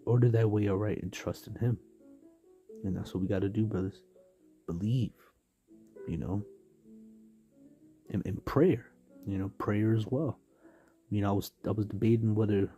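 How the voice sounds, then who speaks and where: Low dark-voiced guy from san diego preaching casual on a stream, lots of "you know", faint music under it. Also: steady tone, moderate pace, pauses often. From San Diego, California. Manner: rambling, many "you know" fillers, street slang. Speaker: livestream preacher. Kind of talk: casual spoken devotional.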